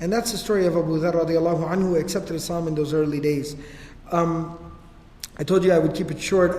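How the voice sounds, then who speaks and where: A man gives a casual, slangy religious history lecture. His voice is fairly high. It carries through a large hall with a long, roomy reverb. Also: a little mellow. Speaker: religious teacher.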